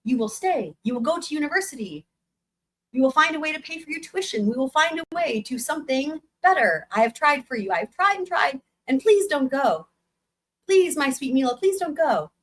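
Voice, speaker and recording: A woman's voice: high-pitched, animated, moderate pace, fairly bright tone, pitched above the performer's own voice. A woman voicing a desperate middle-aged mother begging her daughter to stay, in a dramatic reading. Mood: pleading. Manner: begging, insistent.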